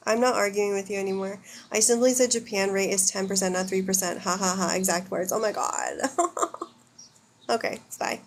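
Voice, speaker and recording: Blunt woman, thirties, live chat host, answers comments directly, mid pitch, faint hiss behind her. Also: steady tone, moderate pace. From United States. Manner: blunt, opinionated, swears freely. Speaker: livestream host.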